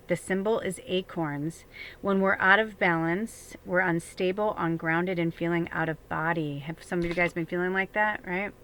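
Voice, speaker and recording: A woman's voice: lowish voice, fairly bright tone. A woman giving a casual spiritual tarot reading, chatty and rambling, with many fillers and an occasional swear. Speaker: tarot reader.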